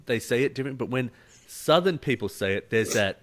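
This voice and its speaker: A man's voice: mid-range voice, brisk, a crowd in the background. A man hosting a podcast, chatting casually and acting out quotes with laughter. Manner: animated storyteller, acts out quotes, laughs. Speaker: podcast host. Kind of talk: casual interview chat.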